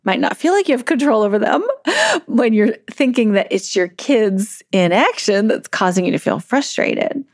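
A woman's voice: a little high, very animated, normal speed, no echo, clean studio sound. A woman parenting coach talking in a conversational solo podcast monologue, often laughing and acting out a parent's inner thoughts.

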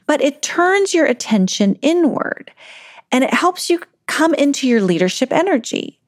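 A woman with a fairly high voice talks parents through their frustrations in a conversational solo podcast. She laughs easily and slips into the voice of a parent's inner thoughts. The sound is close and dry, with no room around it. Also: big pitch swings, normal speed, no room sound. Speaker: parenting coach.

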